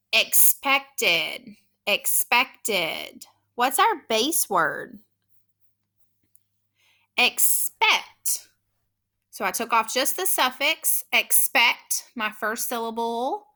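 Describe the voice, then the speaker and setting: A woman teaching a phonics lesson, patiently sounding out words slowly and clearly. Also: fairly high pitch, lively intonation, sharp tone. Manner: patient, encouraging.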